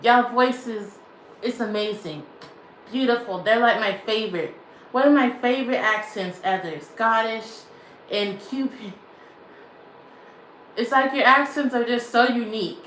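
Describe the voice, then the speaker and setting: On a casual livestream, a woman vlogger rambles, restates phrases, and laughs often as she talks. Her voice is fairly bright and on the high side, a little slow with frequent pauses. The rough recording sounds roomy, with some hiss or hum.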